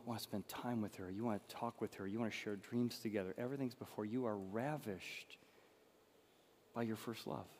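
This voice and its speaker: A man preaching a sermon as pastor, passionate, moving between soft and emphatic delivery. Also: mid-range voice. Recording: long hall reverb.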